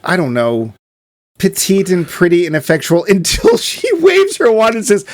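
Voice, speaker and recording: A man's voice: high voice, very animated, normal speed. Opinionated man in casual movie chat. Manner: opinionated, dry asides. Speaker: podcast co-host.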